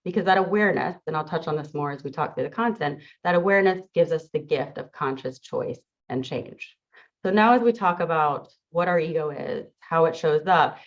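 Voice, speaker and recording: A woman with a low, deep-set voice delivers an earnest, reflective motivational talk to a listening audience. She sounds middle-aged and speaks as a teacher and coach. The recording is dull and lo-fi.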